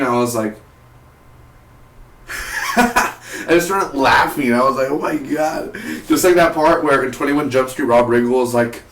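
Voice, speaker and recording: Man, TV reviewer, excitable and rambling, mid-pitched voice, roomy echoey recording. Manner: excitable, rambling, stumbles over words. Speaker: TV episode reviewer.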